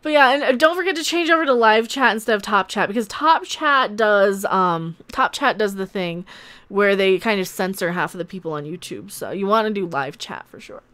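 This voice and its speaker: A woman's voice: medium pitch, animated, moderate pace, fairly bright tone. A woman hosting a live stream, chatting casually with her viewers in a rambling, candid way and swearing freely.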